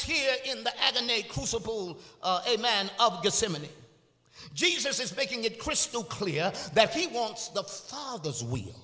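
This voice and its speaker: A male evangelist preaching a sermon, calling on the congregation and stretching out emphatic phrases, with frequent "uh" and "amen". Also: sits high. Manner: drawn-out emphatic phrases, rising to shouts. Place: church sanctuary. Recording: live church recording with long hall reverb.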